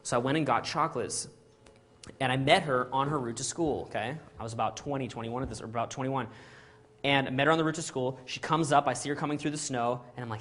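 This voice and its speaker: A middle-aged Canadian man, fast-talking with a mid-range voice, tells a story to an audience. He's animated, acts out the dialogue, and keeps asking "right?" and "okay?".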